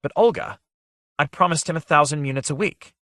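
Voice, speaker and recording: A man's voice: on the high side, brisk, bright, forceful tone, no echo, voice pushed up. A man doing a flustered society lady. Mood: pleading. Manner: anxious and fluttery. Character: flustered, refined wealthy society woman.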